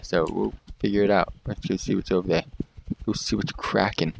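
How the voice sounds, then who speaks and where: A man hosting a let's play, excitable and swearing, calling his viewers boys. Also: deep voice, normal speed, creaky, background noise. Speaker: gaming channel host.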